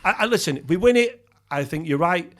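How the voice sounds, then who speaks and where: A man's voice: fairly high pitch, animated, fairly bright tone. A middle-aged English man co-hosting a podcast, giving firm opinions on football in casual chat. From England. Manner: opinionated football talk, quick interjections. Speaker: podcast co-host.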